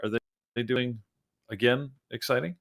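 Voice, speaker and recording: A man's voice: mid-range voice, moderate pace. Male trading-show host, casual live commentary, mid-range voice, chatty and unscripted. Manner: relaxed, thinking aloud with fillers.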